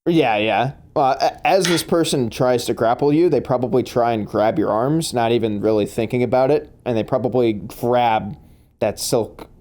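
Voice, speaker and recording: A man's voice: mid-range voice, moderate pace, darkish tone, a little hiss or hum. A man running a tabletop game as game master, laughing often and talking with many fillers and restarts.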